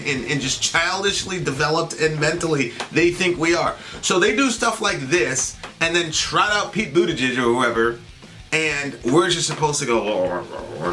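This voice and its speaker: Ranting man with a bright voice. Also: a little high, very animated, moderate pace, faint music behind. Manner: indignant, ranting, sarcastic. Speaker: political talk show co-host. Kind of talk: heated political commentary.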